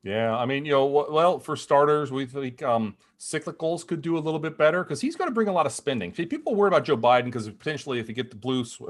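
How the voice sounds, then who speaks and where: A man's voice: a little high, animated, fast talker, hardly any pauses. A man speaking as a guest market strategist on a video call, explaining with energy, frequent restarts and little acted-out quotes. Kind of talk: animated conversational explanation.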